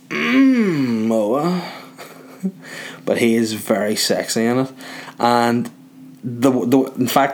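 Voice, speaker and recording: A young man from Northern Ireland with a Northern Irish accent, rambling through a crude comic monologue while relaxing in bed. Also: medium pitch. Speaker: vlogger.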